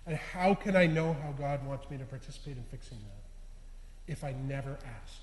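A man giving a sermon as a lay preacher, earnest and confessional, pressing hard on some words and dropping to a hush at line ends. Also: mid-range voice, animated, moderate pace. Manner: earnest, confessional, swinging between loud stresses and quiet endings. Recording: echoey hall with long reverb.

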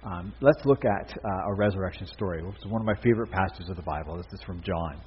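A man's voice: low voice, quick pace, slight background noise. A man giving a sermon as pastor, speaking in a conversational, emphatic way with repeated phrases. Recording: dull, echoey hall recording.

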